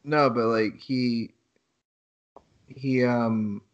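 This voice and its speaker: A man co-hosting a laid-back podcast, mid-pitched and lively. He tells stories with rising excitement, swears freely and breaks into laughter. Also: drawn-out words, highs cut off. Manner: animated storytelling, heavy swearing, bursts of laughter. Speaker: podcast co-host. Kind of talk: casual podcast chat.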